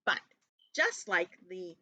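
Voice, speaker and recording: A woman teacher reading a storybook to young children, gentle and animated, stopping to ask them questions. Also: fairly low pitch, slow, no echo.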